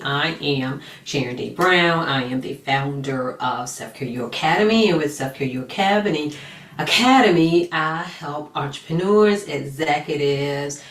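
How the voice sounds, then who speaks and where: A woman with a low, unhurried voice gives an earnest motivational talk on self-care, repeating phrases for emphasis. She sounds set back from the mic in an echoey room. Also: far from the mic. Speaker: self-care coach and academy founder.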